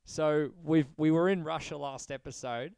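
A man's voice: on the high side, steady tone, moderate pace, creaky, darkish tone, clear, resonant tone, no room sound. A man co-hosting a comedy podcast, casual and joking, laughing often and swearing. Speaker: podcast co-host.

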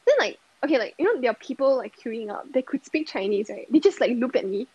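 A young woman from Singapore with a Singaporean English accent, chatting as a podcast guest and telling animated stories with lots of laughter and fillers. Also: a little high, fast, husky, highs cut off. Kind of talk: casual chat, storytelling.

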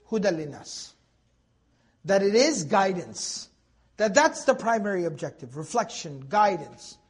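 High-voiced man teaching Quran tafseer. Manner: conversational, asks rhetorical questions, recites Arabic verses. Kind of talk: tafseer lecture.

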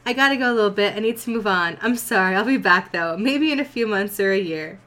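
A woman reading the lines of a gruff vampire man in her own plain voice, in a casual read-aloud of fan fiction. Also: mid-range voice, fast, fairly bright tone, natural voice. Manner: plain reading, no accent attempted.

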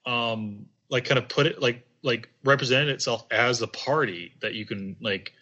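A man's voice: medium pitch, normal speed, pushed and bright, lo-fi sound. A man in casual political chat on a podcast, rambling with many fillers and swearing. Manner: rambling, heavy on filler "like", profane.

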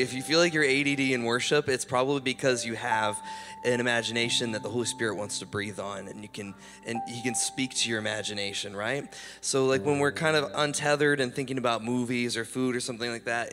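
Casual-talking preacher man, music behind. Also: mid-range voice. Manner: casual, conversational, with fillers and self-corrections; softens to a hushed, slow voice in prayer. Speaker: guest preacher. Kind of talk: charismatic church sermon and prayer. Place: church service. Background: instrumental music.

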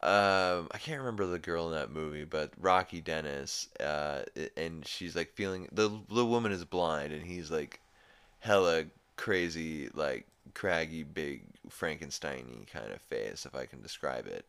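A man's voice: very deep voice, measured pace, a bit bright, smooth, no echo. A young man hosting a podcast, recapping a cartoon episode in a rambling, laid-back way with casual swearing. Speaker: podcast host.

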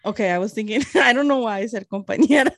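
A woman's voice: a little high, fast talker, gravelly, dry recording, studio quality. A young woman co-hosting a podcast in casual chat, rambling through stories and laughing often. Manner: giggly, rambling storyteller who laughs often. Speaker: podcast co-host.

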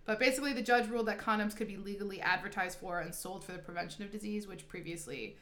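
A woman's voice: mid-range voice, quick pace, a bit bright. A young woman co-hosting a casual history podcast, reading out facts with asides and laughing easily. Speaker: podcast co-host. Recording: echoey room.

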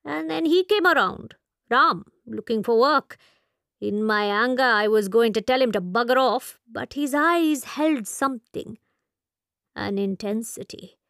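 A woman's voice: on the high side, measured pace, creaky, fairly bright tone, no room sound. A talkative old shopkeeper, put on by a woman narrator for an audiobook, with a genial, rambling way of speaking. His phrasing is formal and old-fashioned, delivered unhurriedly in a close, dry recording. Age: older. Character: elderly male Indian shopkeeper, wry and talkative. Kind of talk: audiobook character voice.

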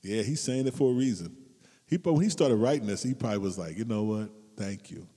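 A man delivers a relaxed, humorous sermon in a mellow, dark-toned voice. He bursts into high, loud exclamations for his stories and falls back to soft, low asides. A long reverb from the hall trails his words. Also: fast, breathy edge. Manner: animated, swings between loud high outbursts and low asides, laughs often. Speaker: preacher.

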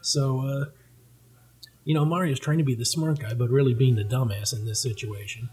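A man's voice: medium pitch, fairly even intonation, normal speed, a little mellow, husky, low-quality recording. A man hosting a casual comic read-through, joking and laughing as he narrates. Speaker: host.

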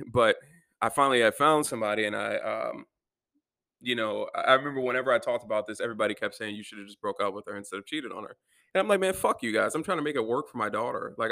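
A man's voice: fairly low pitch, bright, forceful tone, no echo. A young man venting in a rambling, profane personal monologue about his life. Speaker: vlogger.

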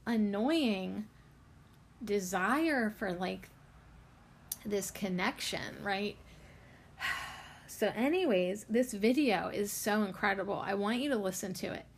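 A woman with a gravelly, fry-tinged voice talks through a casual spiritual podcast episode. She is candid and emotional, swearing freely as she chats. Her pitch sits in the middle range. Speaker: podcast host.

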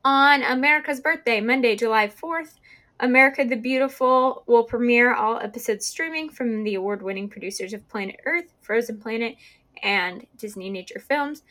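A woman's voice: on the high side, moderate pace, pushed and bright. Chatty young woman podcast host. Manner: chatty, many "like" fillers. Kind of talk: casual podcast chat reading a release list.

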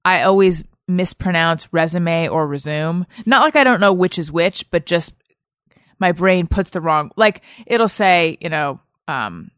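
A woman's voice: lowish voice, lively intonation, a little slow, a bit bright, dry recording, studio quality. A woman hosting a podcast, chatting in a playful, rambling way. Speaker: podcast host. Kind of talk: casual chat.

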